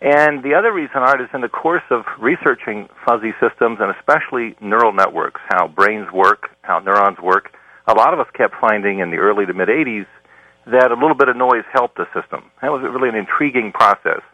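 A man, a professor guest on a talk show, explaining ideas in a measured, lecturing way. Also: mid-range voice, sharp tone, dry recording, rough recording. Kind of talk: explanatory interview answers.

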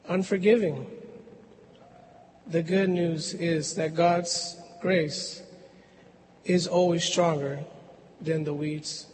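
A man preaching a sermon in a slow, measured way with long pauses, in a church. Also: high voice, darkish tone, big-room sound, a little hiss or hum, rough recording.

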